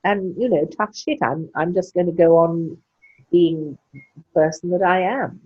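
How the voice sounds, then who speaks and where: In a lowish, slightly rough voice that moves a little slowly, an older woman from England answers interview questions candidly. Her accent is upper-class and her enunciation very precise, though the lo-fi recording muffles the sound.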